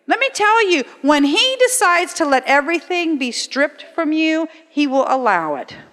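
Woman preacher, middle-aged, slightly high voice, punchy conversational delivery, long hall reverb. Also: very animated, normal speed, fairly bright tone. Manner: emphatic, conversational preaching with rhetorical questions. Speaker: guest speaker at a church. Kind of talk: sermon. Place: church sanctuary.

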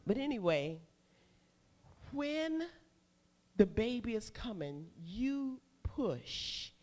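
Woman, preacher, sermon, fairly high voice, slow delivery, animated storytelling. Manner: animated storytelling, calls for amen, shouts acted quotes.

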